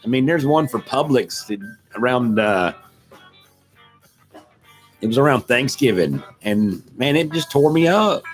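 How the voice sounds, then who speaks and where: A middle-aged man with a drawl talks loosely into a desk microphone, wandering from one thought to the next. His voice sits at an ordinary pitch, and he pokes fun at himself while he greets viewers by name. Faint music plays softly behind him. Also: lively intonation, a little slow, long pauses. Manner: rambling and self-deprecating, greets chat viewers. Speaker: live stream host. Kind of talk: casual live-stream chat.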